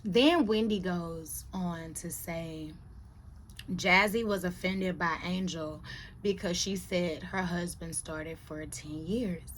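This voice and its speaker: A young adult woman chatting casually on her vlog, telling a story with big swings from low, quiet asides to loud, high exclamations. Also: breathy edge. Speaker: vlogger. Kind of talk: casual chat.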